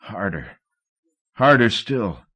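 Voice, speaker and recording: A man narrating a novel in a measured, steady audiobook reading. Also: fairly low pitch.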